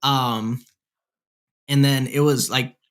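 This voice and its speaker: Young male podcast co-host on headset mic, mid-pitched, loose rambling storyteller full of fillers. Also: fairly even intonation, slow, clear, resonant tone. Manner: rambling, heavy filler "like, whatever". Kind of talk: casual storytelling.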